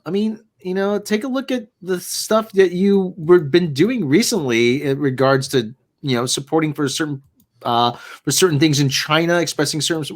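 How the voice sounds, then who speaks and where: A man panelist with sarcastic, animated commentary in an online roundtable. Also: fairly high pitch, normal speed.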